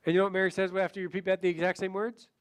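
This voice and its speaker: A man giving a sales training seminar, animated, acting out short client conversations as he teaches. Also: high-pitched, rapid-fire, clear, resonant tone. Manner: animated, acts out client dialogue. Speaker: seminar speaker.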